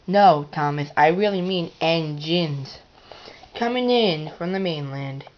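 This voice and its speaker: A woman voicing an older male railway controller in a toy-train story, giving orders in a steady, instructing tone. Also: sits low, slow, lo-fi sound. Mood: firm.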